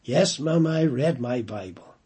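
A man's voice: mid-range voice, animated, a little slow, dark tone, breathy edge. A man preaching who acts out an angry, complaining young man in prison, raising his voice a little. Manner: complaining, demanding.

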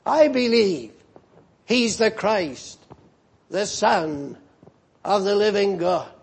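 A man's voice: high voice, expressive, slow, vocal fry, husky. A man preaching a sermon, emphatic and repeating key phrases for weight.

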